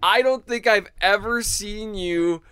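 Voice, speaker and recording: A man's voice: sits high, slow, background noise. A man co-hosting a podcast in casual chat, telling a teasing story, laughing and mimicking his friend. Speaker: podcast co-host.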